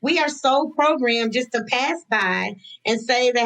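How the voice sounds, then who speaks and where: A woman in her thirties, a guest on a podcast, talking in a relaxed conversational way and acting out the lines of the people in her stories. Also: fairly high pitch, moderate pace, hardly any pauses, low-quality recording. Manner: animated, acts out quoted dialogue. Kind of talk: casual conversational storytelling.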